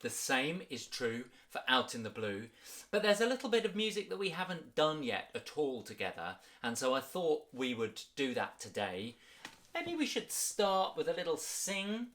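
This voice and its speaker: Cheerful, bright-voiced male music teacher. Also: a little high, moderate pace. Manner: energetic, encouraging, sing-song. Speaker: music workshop leader for children. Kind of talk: upbeat children's music lesson.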